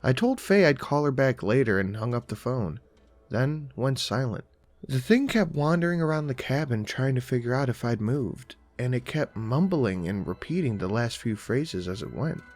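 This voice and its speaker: A man's voice: medium pitch, moderate pace. Man narrating a first-person horror story. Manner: calm, conversational storytelling.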